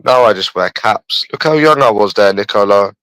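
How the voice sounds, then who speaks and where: A young man with a London accent talks casually to his livestream viewers. He is blunt and swears a lot, calling everyone bro. His voice sits low, and it is recorded dry and close. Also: lively intonation, normal speed, fairly bright tone, clear, resonant tone, no room sound, poor audio. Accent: London English. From England.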